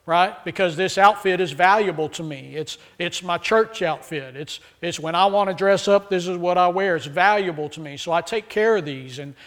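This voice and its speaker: A man's voice: sits high, normal speed, few pauses, a bit bright. A male pastor preaching a sermon. He jokes easily and keeps calling on the congregation to repeat lines back to him. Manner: joking, call-and-response with congregation.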